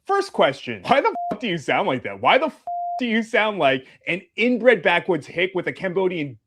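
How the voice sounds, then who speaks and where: A man's voice: high-pitched, huge pitch swings, moderate pace, a bit bright, breathy edge. A man making a callout video, speaking in a sarcastic, profane, mocking way. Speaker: commentary video creator.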